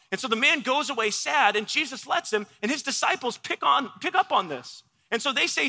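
A man's voice: very high voice, very animated, normal speed, creaky, few pauses, bright, forceful tone, husky, long reverb tail. A man preaching a sermon, earnest and explanatory, who asks his listeners questions as he works through a passage. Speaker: pastor.

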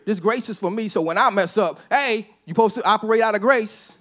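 A man preaching a sermon as a pastor, telling a personal story in a casual, conversational way and often dropping to a soft, low voice for emphasis. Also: a little fast. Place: church sanctuary.

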